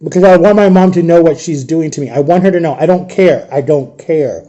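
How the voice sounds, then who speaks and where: A man's voice: fairly high pitch, a little fast, warm tone, dull audio. Tearful man telling a raw story. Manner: addresses viewers directly. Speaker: vlogger. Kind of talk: emotional storytime monologue.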